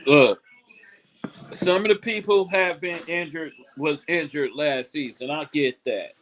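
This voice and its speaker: Bay guy ranting about his team, high-pitched voice, drawls it out slow, gets loud then grumbles. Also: slight background noise, poor audio. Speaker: show co-host. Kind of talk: casual sports rant.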